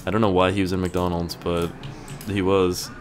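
Deep-voiced young man swearing through gameplay. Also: little pitch movement, normal speed, noisy background. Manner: rambling, profane, bursts into yelling at the game. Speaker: gaming YouTuber. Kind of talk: casual gameplay commentary.

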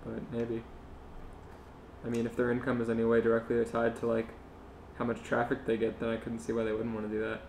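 A man co-hosting a podcast, chatting casually in a low-key, mumbly way and reading fan fiction aloud. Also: completely flat delivery, brisk, gravelly, a little mellow, slight background noise. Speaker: podcast co-host. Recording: roomy echo.

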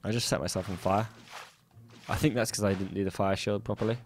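A man doing let's play commentary, swearing and yelling angrily at the enemies in his game. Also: on the low side, fairly even intonation, brisk. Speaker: gaming channel host. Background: faint game music.

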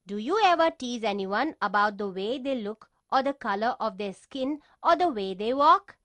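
A woman with a fairly high voice narrates a story lesson for children. She asks the listening kids direct questions. The recording is close and dry. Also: lively intonation, moderate pace, few pauses, a bit bright, no echo.

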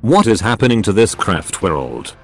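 Brief: a synthetic male voice doing a haughty old alien elder in a storybook, low pitch, lively contour, faint music behind. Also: normal speed. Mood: scornful. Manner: scornful, haughty.

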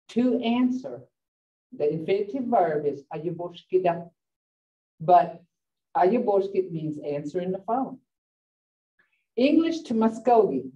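A woman teaching a vocabulary lesson in class. She laughs often and repeats words slowly for the learners. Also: medium pitch, warm tone. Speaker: language teacher. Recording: dull lo-fi sound from a distant mic.

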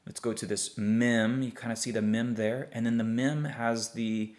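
A young man teaching a language lesson, sounding out syllables slowly and patiently and checking in with his listeners often. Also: mid-range voice, little pitch movement, darkish tone. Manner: checks in often with "okay?" and "see that?". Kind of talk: explaining a lesson.

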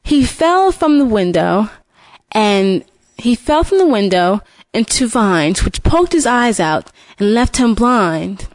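In a dry recording, a woman takes her time recounting a fairy tale from memory as the storyteller, often stumbling into restarts and repeated words. Her fairly high voice is very animated.

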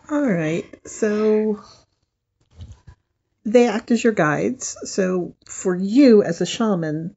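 A woman co-hosting a podcast, telling a story in a lively way and laughing often. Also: medium pitch, extremely slow, pauses often, slightly rough, highs cut off. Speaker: podcast co-host.

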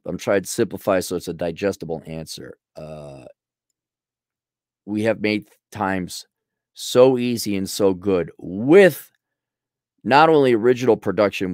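A man's voice: sits low, darkish tone, no echo, studio quality. A man hosting a casual commentary monologue, answering a viewer's question in a blunt, sarcastic, rambling way.

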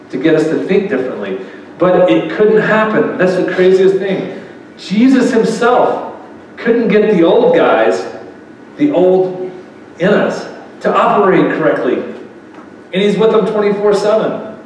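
A man's voice: fairly high pitch, measured pace, a little hiss or hum. Man preaching in an echoey hall. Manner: conversational, animated, asks the audience questions. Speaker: speaker at a faith event. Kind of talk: sermon to a live audience. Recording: echoey hall recording from far off.

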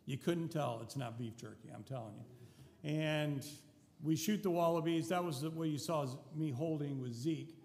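A man's voice: fairly high pitch, moderate pace, vocal fry, a little mellow. Older New man, folksy storyteller. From New Zealand. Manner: folksy, chatty, with restarts and wry asides. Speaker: visiting missionary. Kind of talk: casual storytelling to a congregation. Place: church sanctuary. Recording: long church hall reverb.

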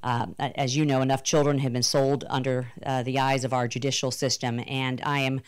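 Emphatic congresswoman with a low voice. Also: flat delivery, brisk, smooth. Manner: emphatic, many fillers and restarts. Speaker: congresswoman speaking on a panel. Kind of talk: policy speech to an audience.

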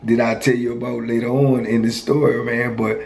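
A man's voice: medium pitch, little pitch movement, moderate pace, gravelly, a little mellow, reverberant, poor audio. Laid-back man telling a story. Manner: laid-back street slang, lots of "you know" and "man". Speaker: storyteller, former prisoner. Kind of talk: casual storytelling.

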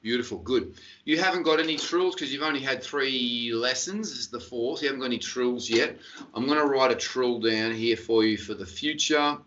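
Bright-voiced male singing teacher. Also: medium pitch, normal speed, slight background noise. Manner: explains and corrects step by step with brief praise. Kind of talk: online singing lesson coaching. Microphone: video call. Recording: dull distant video-call audio.

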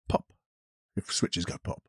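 A middle-aged man, a hypnotherapist hosting his own podcast, telling a personal story in a reflective, candid way with casual swearing and halting pauses. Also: dry recording, studio quality.

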